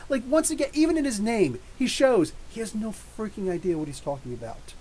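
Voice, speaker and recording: Animated middle-aged man ranting. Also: high voice, fairly quick, few pauses, breathy edge, poor audio. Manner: animated, profane, mocking ranting. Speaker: podcast host. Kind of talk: live Q&A rant.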